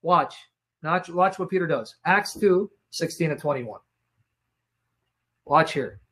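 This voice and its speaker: Teaching Scripture in the manner of a sermon, a man speaks slowly in a slightly high, somewhat bright, expressive voice. He repeats himself for emphasis, often tells his audience to watch, asks if they follow, and sounds throat-strained from coughing.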